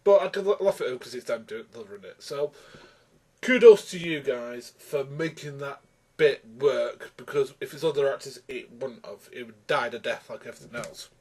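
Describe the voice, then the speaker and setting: A man's voice: medium pitch, normal speed, darkish tone, breathy edge. A man ranting through a film review, exasperated and rambling with many restarts.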